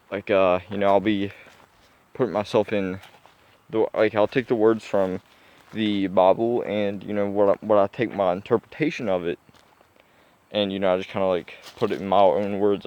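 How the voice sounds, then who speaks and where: A man's voice: on the low side, a little mellow, slight background noise. Rambling young man, lo-fi sound. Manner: rambling, full of fillers and restarts. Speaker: vlogger. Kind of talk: casual rambling monologue. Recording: dull lo-fi sound.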